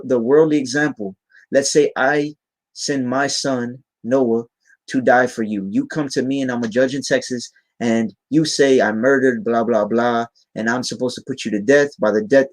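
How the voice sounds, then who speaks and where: A man's voice: mid-range voice, fairly even intonation. Casual preaching man, "right?" after every line. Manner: tags lines with "right?", casual and earnest; reads scripture aloud in a slower voice. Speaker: live stream preacher. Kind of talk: informal live-stream preaching.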